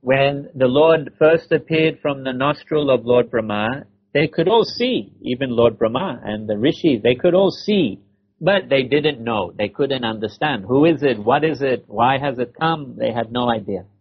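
A man giving a spiritual lecture in short measured phrases with rhetorical questions, pausing for an interpreter, on a dull lo-fi recording. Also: medium pitch, expressive, breathy edge.

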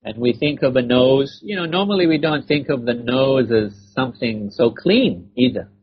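A man giving a spiritual lecture in short measured phrases with rhetorical questions, pausing for an interpreter, on a dull lo-fi recording. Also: medium pitch, lively intonation, husky.

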